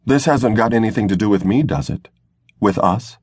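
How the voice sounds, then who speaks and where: Guy doing a fiery spacer woman, pushy and insistent, a bit husky, audiobook. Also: fairly low pitch, normal speed, no echo, clean studio sound. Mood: demanding. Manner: insistent, forceful. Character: angry demanding young woman, a spacer. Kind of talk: audiobook narration.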